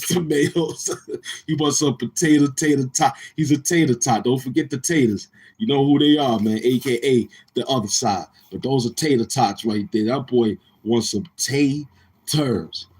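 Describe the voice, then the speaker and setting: Man, husky voice, live stream host, casual roasting banter, teasing, laughs often. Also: medium pitch, normal speed, a little mellow.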